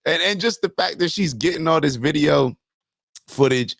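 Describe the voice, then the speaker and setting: A man's voice: a little high, animated, normal speed, creaky, a bit bright, dry recording, clean studio sound. A man hosting a morning show, reacting to a clip and reading viewer comments in loose, slangy talk aimed straight at his viewers.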